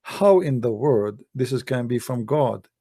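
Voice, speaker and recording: A man's voice: mid-range voice, a little slow, mellow, breathy edge. A man giving a mocking, sarcastic polemical monologue in broken English grammar. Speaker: religious debate commentator.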